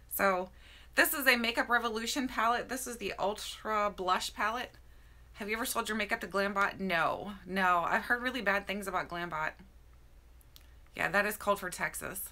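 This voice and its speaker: A woman hosting a casual beauty live stream from home, greeting viewers by name. Her voice is slightly hoarse and tired. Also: mid-range voice, sharp tone.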